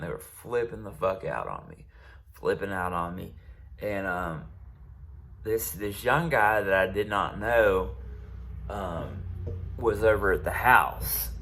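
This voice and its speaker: Low-voiced man telling a rambling story. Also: fairly bright tone. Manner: rambling, profane, lots of ums and restarts. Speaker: channel host. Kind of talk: casual personal storytelling.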